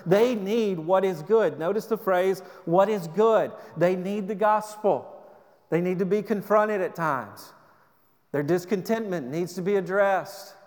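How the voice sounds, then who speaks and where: Pastor guy preaching, pretty high voice, earnest and pushy, lots of restarts, long echo like a big church hall. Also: unhurried, a little mellow. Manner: earnest, exhorting, with frequent restarts. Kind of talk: sermon.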